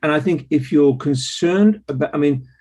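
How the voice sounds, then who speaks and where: Guy on a zoom-type call, slightly high voice, thoughtful and measured. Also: a little mellow. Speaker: call participant. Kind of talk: casual group call remarks.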